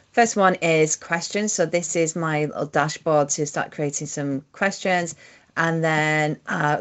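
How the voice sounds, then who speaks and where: A woman with a strong accent presents a screen-share tutorial. Her voice sits low, and she talks through each step in a relaxed, methodical way, with the odd "uh" along the way. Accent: strong regional accent. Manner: relaxed, methodical walkthrough with fillers. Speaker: presenter demonstrating software.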